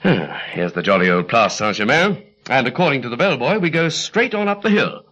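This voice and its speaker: A brisk gentleman special agent. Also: medium pitch, sing-song, slight background noise. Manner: clipped, breezy upper-class British banter. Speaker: lead character in radio drama. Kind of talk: 1940s radio acting. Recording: dull lo-fi vintage radio recording.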